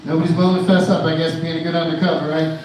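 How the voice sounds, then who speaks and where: A man's voice: fairly high pitch, flat delivery, very fast, darkish tone, a little hiss or hum. A man doing a live stand-up set at a bar, rambling and loose with many fillers and restarts. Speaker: stand-up comedian. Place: indoor bar venue. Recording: echoey room, mic at a distance.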